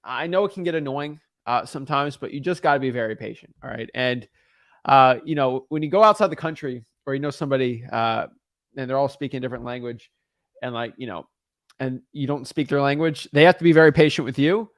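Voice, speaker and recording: A man's voice: medium pitch, a little fast, no room sound, clean studio sound. A man casually explaining his cold calls to viewers and talking with sellers, rambling and often repeating words as he starts a sentence. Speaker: real estate wholesaler making cold calls.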